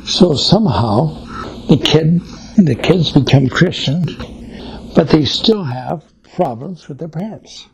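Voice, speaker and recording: A man's voice: fairly high pitch, lively intonation, takes it slowly, creaky, husky, low-quality recording. An older man giving an informal, folksy sermon on family life, telling anecdotes. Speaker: Christian speaker on family life.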